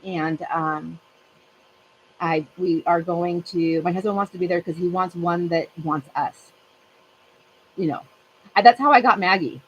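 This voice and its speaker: A woman's voice: lowish voice, measured pace, long pauses, a little hiss or hum, rough recording. A middle-aged woman hosting a casual chat with friends, telling a rambling story and laughing often. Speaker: channel host.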